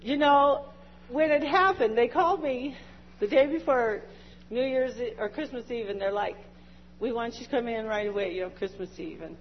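A woman's voice: a little high, moderate pace, a little hiss or hum. Emotional woman giving testimony, echoing hall. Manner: emotional, laughs and tearful at times. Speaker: church member giving testimony. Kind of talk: personal testimony. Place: church sanctuary. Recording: dull lo-fi church recording with long reverb.

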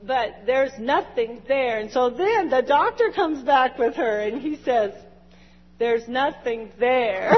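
A woman's voice: high-pitched, lively intonation, slow pace, a loud crowd, very noisy. A woman in church giving an emotional personal testimony. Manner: emotional, laughs and tearful at times. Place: church sanctuary. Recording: dull lo-fi church recording with long reverb.

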